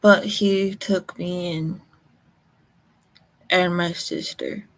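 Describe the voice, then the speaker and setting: A woman from Colorado, telling a personal story in a halting way, close to tears. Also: fairly low pitch, steady tone. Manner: slow, halting, emotional recollection.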